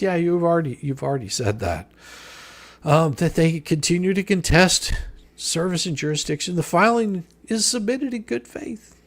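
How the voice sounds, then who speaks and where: Reading through a legal filing on his live stream, this man tears into every point with sarcastic, profanity-laced ridicule. He speaks in a gravelly voice pitched on the high side.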